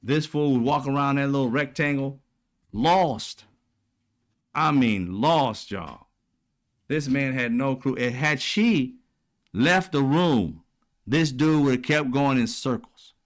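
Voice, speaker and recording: A man's voice: mid-range voice, a little slow. A man hosting casual political commentary, talking bluntly with profane slang and a mocking, sarcastic edge. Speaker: commentary channel host.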